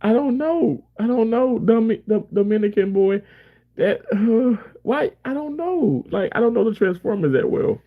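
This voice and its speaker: A man's voice: extremely high pitch, animated, moderate pace, phone-quality sound. A man chatting casually on a live stream, reading viewer comments aloud and rambling with frequent laughter. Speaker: livestreamer reading chat.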